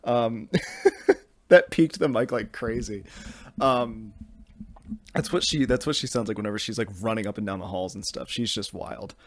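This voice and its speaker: A man's voice: lowish voice, normal speed, long pauses, a little hiss or hum. A young man hosting a podcast from his bedroom, rambling casually with lots of fillers and restarts. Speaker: podcast host.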